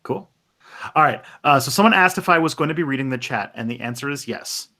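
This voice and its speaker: A man's voice: medium pitch, animated, fairly quick, sharp tone. Easygoing man hosting a live stream. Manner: easygoing, makes it up as he goes. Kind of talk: casual live-stream chat.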